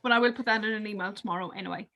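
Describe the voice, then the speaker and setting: A woman's voice: mid-range voice, fairly even intonation, racing, bright, forceful tone. An Irish woman hosting an online training programme, giving casual housekeeping notes with many fillers. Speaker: programme host.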